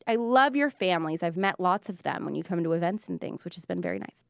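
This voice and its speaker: A woman's voice: lowish voice, expressive, fast, gravelly, dry recording, clean studio sound. A woman, hosting a live pop culture show in a chatty, sarcastic way with lots of fillers. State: out of breath. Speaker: host. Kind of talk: casual pop culture commentary.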